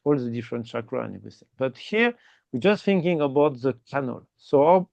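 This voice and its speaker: Male meditation teacher, slightly high and gravelly, dry muffled sound, patient non-native English. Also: no echo. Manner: explains slowly and repeatedly, ending phrases with "okay?"; non-native English with simple grammar slips. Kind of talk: guided meditation instruction.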